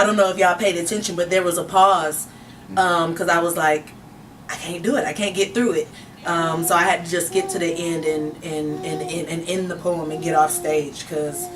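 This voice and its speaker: Woman, interview host, lower voice, emotional chat, distant mic, faint hiss. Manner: emotional, frequent fillers and laughter.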